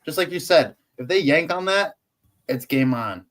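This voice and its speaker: A man on a casual podcast, a loud storyteller who laughs often and swears. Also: on the high side, expressive, normal speed, poor audio. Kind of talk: casual chat.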